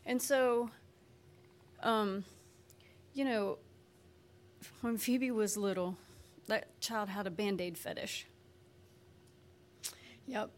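A woman telling her faith story in a relaxed, conversational testimony. Her voice sits a touch higher than most, and her talk is loose and folksy, with plenty of "you know" and "like". She now and then springs into lively impressions of the people she quotes.

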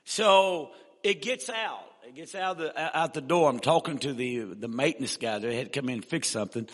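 A male evangelist telling a humorous story in a sermon, folksy and animated. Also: mid-range voice, moderate pace. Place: church. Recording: echoey church hall.

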